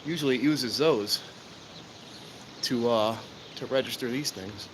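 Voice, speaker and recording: A man's voice: mid-range voice, unhurried, background noise. A man hosting a casual trainspotting live stream outdoors at a station, grumbling and exasperated while he waits. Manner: grumbling, exasperated, talking to himself. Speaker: trainspotting livestream host.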